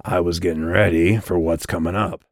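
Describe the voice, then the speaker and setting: A man reading the lines of a calm, evasive male character who just woke up, in an audiobook. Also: dry recording, clean studio sound. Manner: low, unhurried and evasive. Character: calm, cryptic, drowsy male traveler.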